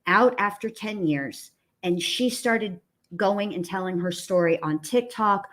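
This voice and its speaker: A woman co-hosting a casual commentary chat, reasoning in a measured, plainspoken way with folksy phrases. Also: medium pitch, fairly bright tone.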